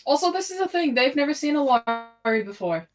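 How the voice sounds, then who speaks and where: A woman player in a tabletop role-play game, talking in a lively, expressive way. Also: sits high, fairly quick, soft background music.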